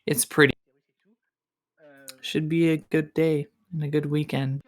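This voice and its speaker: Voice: medium pitch, flat delivery, measured pace. A commentator from Minnesota, chatting casually and playfully over a speedrun stream. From Minnesota, United States.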